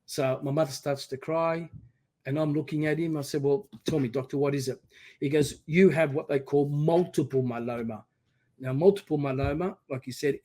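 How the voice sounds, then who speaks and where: A middle-aged man telling his personal story as a podcast guest, emphatic and animated, often quoting his own words. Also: mid-range voice.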